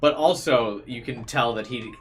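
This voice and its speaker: A man's voice: mid-range voice, moderate pace, a bit bright, soft background music. A man casually commenting on a visual novel game and reading its lines aloud, amused and chatty.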